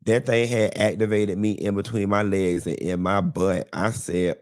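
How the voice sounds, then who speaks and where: A man hosting a live show, talking in a flamboyant, sassy way with drawn-out endearments and playful, dramatic rambling. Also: lowish voice, a little mellow. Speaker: host. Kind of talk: live-stream commentary.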